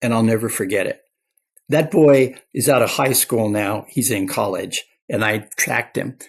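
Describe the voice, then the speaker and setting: A man's voice: on the low side, unhurried, gravelly, breathy edge. An older man, a clinical psychologist, telling stories earnestly as a guest in an interview. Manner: earnest anecdotal storyteller. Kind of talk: storytelling interview talk.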